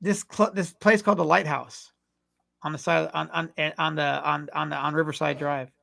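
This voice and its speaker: A man co-hosting a podcast, telling a long rambling story full of swearing. His voice sits high, with a gravelly edge. The tone is bright and sharp. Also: steady tone, moderate pace. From California. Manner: profane, rambling anecdotes. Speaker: podcast co-host. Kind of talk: casual storytelling.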